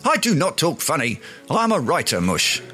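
Guy doing a pompous blowhard, radio sitcom, big flowery words, voice sits a bit high. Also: huge pitch swings, moderate pace, pushed and bright, soft background music, exaggerated voice. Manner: grandiloquent, long-winded, flowery words. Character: pompous self-important English man.

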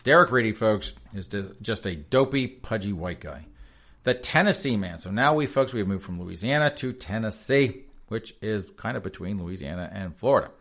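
A man's voice: fairly low pitch, expressive, moderate pace, fairly bright tone. A man hosting a sarcastic news commentary show, rambling and chuckling as he addresses his audience as folks. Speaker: host.

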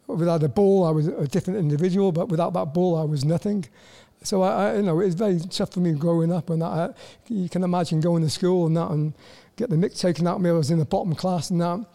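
High-voiced Welsh man in his 60s. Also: steady tone, creaky, mellow. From Wales. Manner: halting, repeats words, self-deprecating. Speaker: guest, former footballer. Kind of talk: casual interview chat.

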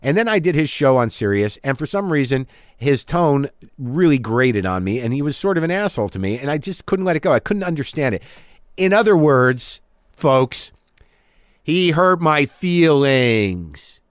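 A man hosts a podcast from his home studio, chatting and monologuing frankly with plenty of profanity, self-deprecating jokes, and both sides of imaginary arguments performed aloud. His mid-range voice is animated at normal speed, captured cleanly with no echo.

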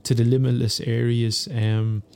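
An Irish man in a casual chat, talking in a measured, thoughtful way with frequent restarts. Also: medium pitch, flat delivery, gravelly, darkish tone, clear, resonant tone. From Ireland. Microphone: own microphone.

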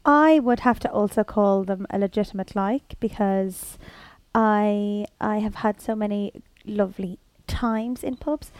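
A woman's voice: mid-range voice, unhurried, a little mellow, clear, resonant tone, no room sound. A woman chatting casually on a comedy podcast, rambling and trailing off, recorded over a remote call. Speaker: podcast co-host.

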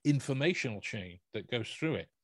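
A man's voice: mid-range voice, expressive, moderate pace, fairly bright tone, husky, no echo. A man with a Stoke-on-Trent English accent, talking casually on a podcast, with lots of restarts and self-corrections. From England, Stoke-on-Trent area. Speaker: podcast host.

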